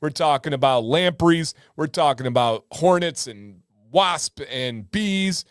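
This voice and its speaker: Casual livestream host, male, thirties, animated storyteller with a smooth voice and a dry close sound. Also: a little high, measured pace, dry recording.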